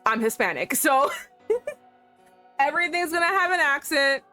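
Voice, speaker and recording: A young woman streams a game and chats casually, playful and animated and quick to laugh. Her voice sits fairly high. Soft music plays quietly behind her. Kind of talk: casual gameplay commentary.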